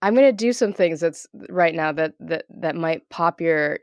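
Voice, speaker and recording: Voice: mid-range voice, normal speed, no room sound, clean studio sound. A podcast co-host with a woman's voice, chatting playfully about a movie and teasing their partner. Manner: playful, teasing, swears casually. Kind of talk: casual movie review chat.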